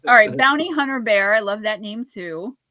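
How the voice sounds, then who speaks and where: Speaking at normal speed with a bright, forceful, medium-pitched voice and lively intonation, an author and oracle card reader chats with her livestream viewers, laughing a lot while reading cards out loud.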